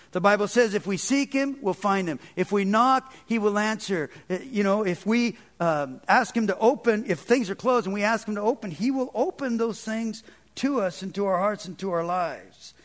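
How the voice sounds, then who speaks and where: A male pastor with a fairly high voice delivers a conversational sermon. He swings between loud, emphatic stretches and soft, low passages, peppering his talk with casual asides. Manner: conversational, with frequent "man" and "kind of".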